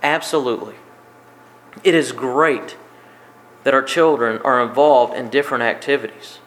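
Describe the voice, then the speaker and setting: A man's voice: mid-range voice, normal speed, a bit bright. A man preaching a sermon, repeating key lines for emphasis. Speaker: pastor.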